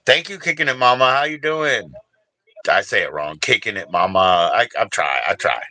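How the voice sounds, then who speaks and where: A man's voice: fairly low pitch, animated, normal speed, pushed and bright, no room sound. An older man hosting a casual livestream, rambling and laid-back, reading out viewers' names and chatting with them. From Washington DC area, US. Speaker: livestream host.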